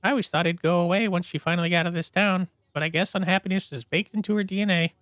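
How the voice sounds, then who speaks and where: A man's voice: high voice, steady tone, fast, fairly bright tone, no room sound, voice pushed up. A man voicing a gossipy middle-aged woman who runs a diner, catty and talking behind someone's back.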